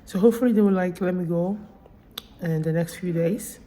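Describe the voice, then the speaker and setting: A woman recovering from surgery tells her hospital story in a casual vlog, emphatic and indignant. Her voice sits low and mellow. A faint hum runs under it. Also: fairly quick, low-quality recording. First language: Italian. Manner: indignant, emphatic retelling with quoted dialogue. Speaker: vlogger. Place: hospital room.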